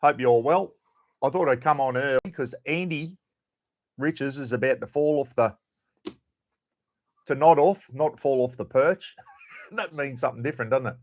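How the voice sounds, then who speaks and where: A man's voice: mid-range voice, normal speed, pauses often. A middle-aged Australian man hosting a casual live stream, chatting loosely and greeting viewers by name. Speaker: livestream host.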